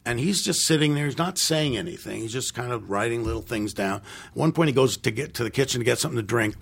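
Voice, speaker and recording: A man's voice: mid-range voice, lively intonation, quick pace, gravelly, a bit bright, slightly rough. An older man, a film director, telling rambling anecdotes in a casual interview and acting out what others said. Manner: rambling anecdotes with restarts and acted-out quotes.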